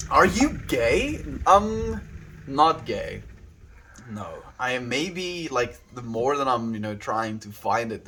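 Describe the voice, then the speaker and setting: A man streaming live, reading viewer chat aloud in a playful, giggly way and turning earnest and gentle when he reflects. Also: mid-range voice, a little hiss or hum, rough recording. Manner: playful and giggly, often laughing. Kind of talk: casual livestream chat.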